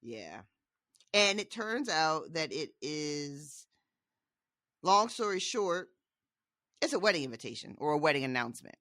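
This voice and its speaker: A woman co-hosting a podcast, chatting casually about a book, animated and laughing often as she acts out quotes. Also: deep voice, measured pace, pauses often, no echo, clean studio sound. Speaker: podcast co-host.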